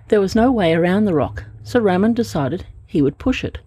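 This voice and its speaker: A woman narrating a children's story, gentle and expressive. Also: medium pitch, normal speed, few pauses, husky, dry recording. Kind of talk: storybook reading.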